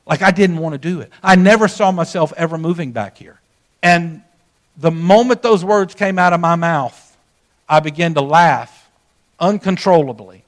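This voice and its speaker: High-voiced storytelling preacher man. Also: moderate pace. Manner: folksy storytelling, addresses the congregation directly. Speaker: pastor. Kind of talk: sermon.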